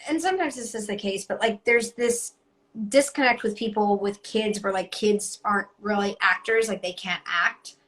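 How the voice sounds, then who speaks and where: A woman's voice: medium pitch, normal speed, fairly bright tone. A woman in her thirties, a guest voice actor, talking in a rambling, self-deprecating way full of "like". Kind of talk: casual interview chat.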